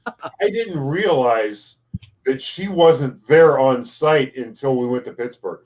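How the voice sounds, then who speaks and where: A man's voice: medium pitch, lively intonation, slow pace, a little mellow. A man chatting casually on a live stream, telling a story in a plain matter-of-fact way.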